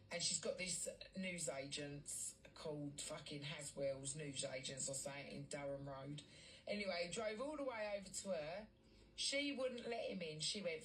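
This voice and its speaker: A woman telling a story in casual chat. She is blunt, swears heavily and acts out the dialogue. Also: lowish voice. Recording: distant mic, faint background noise.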